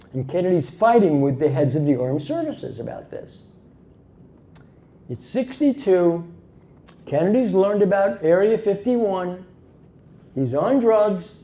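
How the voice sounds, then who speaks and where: A high-pitched, warm-toned man speaks at a conference, telling a dramatic story with emphasis and plenty of rhetorical asides. The recording sounds dull and lo-fi.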